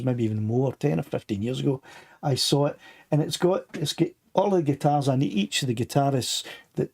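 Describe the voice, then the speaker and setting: An older man from Scotland, with a Scottish accent and a slightly sore throat, hosts a live stream and reads out viewer comments. His mid-range voice is husky and a little mellow as he rambles chattily.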